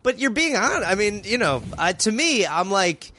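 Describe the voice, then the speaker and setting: A man's voice: sits high, very animated, moderate pace, bright, forceful tone, no room sound. A man who is a comedian and podcast guest, chatting casually with thoughtful asides. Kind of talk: casual chat.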